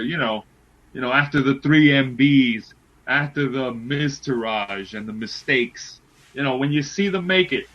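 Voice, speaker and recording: A man co-hosting a casual podcast, making wrestling predictions and talking in excited, emphatic bursts that repeat words. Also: medium pitch, highs cut off. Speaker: podcast co-host.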